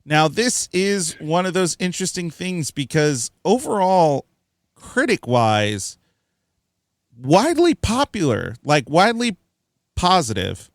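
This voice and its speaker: A man co-hosting a film review podcast, talking in a chatty, animated way with plenty of fillers. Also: high-pitched, slow pace, dry recording, studio quality. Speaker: podcast co-host. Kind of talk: casual film review chat.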